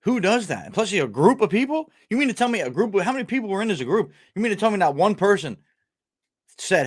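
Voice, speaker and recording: A man's voice: high voice, very animated, a little fast. Blunt, profane man chatting live. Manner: blunt and profane, many fillers and restarts; indignant, rising into outrage. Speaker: livestream host. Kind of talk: casual live chat with viewers.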